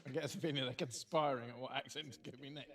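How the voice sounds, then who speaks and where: A man's voice: medium pitch, fairly even intonation, fast talker, faint music behind. A man hosting a casual quiz, joking playfully and laughing often. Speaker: quiz host.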